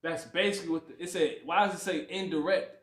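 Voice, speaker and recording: A man's voice: on the high side, fast talker, roomy sound. A man teaching a livestreamed Bible lesson in a preachy, repetitive way, often asking "you see?". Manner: preachy, repeats "you see" and "you know what I'm saying", animated swings. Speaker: scripture teacher.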